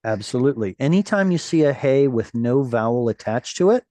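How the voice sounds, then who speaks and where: A man's voice: medium pitch, animated, fairly quick, dry recording. A man tutoring a student in Hebrew reading, patiently correcting pronunciation over a video call. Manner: encouraging, corrects pronunciation gently. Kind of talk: patient one-on-one reading lesson.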